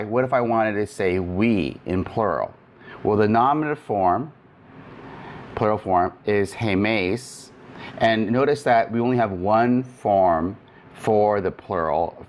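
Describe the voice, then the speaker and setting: Man, low voice, methodical lecture, fillers and restarts, faint background hiss. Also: expressive, unhurried. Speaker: Greek grammar teacher. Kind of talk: recorded lecture.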